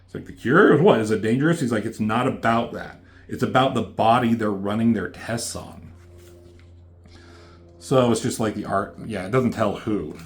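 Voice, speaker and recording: A man's voice: on the low side, fairly even intonation, moderate pace. A man casually recapping and reviewing a comic book, loose and profane, reading out the characters' lines in a slightly raised voice.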